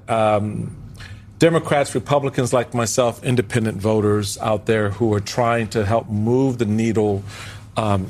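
Halting male news co-host. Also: fairly low pitch, darkish tone. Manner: halting, many uh and um fillers. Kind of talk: panel discussion.

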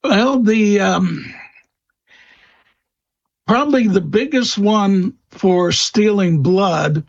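A man answering interview questions about old folklore, slow and hesitant, with many fillers and restarts. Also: sits high, lo-fi sound. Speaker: guest expert on vampire lore.

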